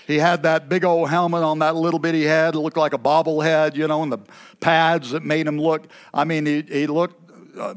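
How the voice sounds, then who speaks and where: A man delivers a sermon in a church, folksy and conversational. His voice sits a little high for a man, and he clears his throat between thoughts and drifts into casual asides. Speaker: preacher.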